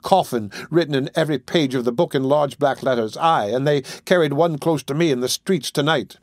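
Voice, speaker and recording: A man's voice: a little high, a little fast, no echo, close to an everyday voice. Fearful young woman full of dread, read by a male narrator, dry close audiobook sound. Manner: urgent, fearful pleading.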